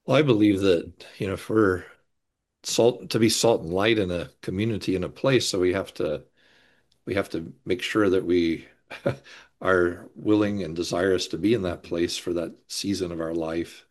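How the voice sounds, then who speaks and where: A man with a low, deep voice, talking as a guest on a faith discussion panel. He speaks in a thoughtful, unhurried way and laughs gently now and then. His tone is that of relaxed, casual conversation. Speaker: guest, former church planter.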